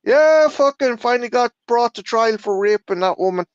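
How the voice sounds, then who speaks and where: A man's voice: very high voice, moderate pace, clean tone, no room sound, lo-fi sound. A man with an Irish accent, chatting casually and swearing a lot as he animatedly retells film scenes. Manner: swears constantly, animated storytelling. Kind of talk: casual chat.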